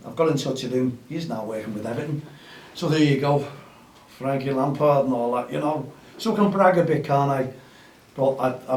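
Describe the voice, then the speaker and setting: A man's voice: mid-range voice, a little mellow, echoey room, distant mic, rough recording. A man hosting a grassroots football show, talking casually and upbeat while rallying his listeners. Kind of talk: casual outdoor podcast chat.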